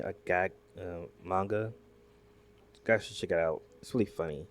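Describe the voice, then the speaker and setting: A man's voice: deep voice, moderate pace. A man hosting a reaction video, chatting casually, rambling with many fillers and restarts and asking the viewers questions. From Southern United States.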